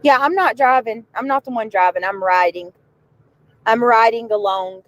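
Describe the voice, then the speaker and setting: A woman's voice: a little high, normal speed, rough recording. A woman from the American South chatting with viewers on a livestream while riding in a car, rambling and easily sidetracked. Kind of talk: casual livestream chat.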